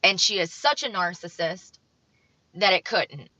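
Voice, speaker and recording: Reading an article aloud and then weighing in with blunt, judgmental remarks, this young vlogger has a lowish yet bright, forceful voice, animated at a measured pace. The recording is dry and lo-fi with a dull sound.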